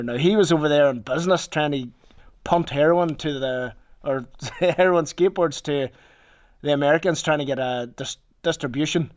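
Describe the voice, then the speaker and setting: A man's voice: on the high side, moderate pace. A man with a Northern Irish accent telling a rambling personal story in casual talk, swearing freely. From Northern Ireland.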